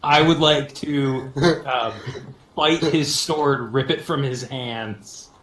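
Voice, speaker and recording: A man playing a tabletop game, saying what his character does in a casual, deliberate way. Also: mid-range voice, a bit bright, echoey room. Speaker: player.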